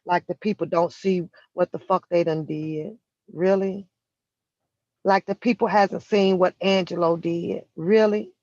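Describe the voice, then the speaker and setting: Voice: medium pitch, steady tone, measured pace, a little mellow, no echo. A vlogger delivering a heated, profane commentary rant from inside a vehicle. The speaker talks confrontationally and stretches out key words for emphasis. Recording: dull, lo-fi and dry.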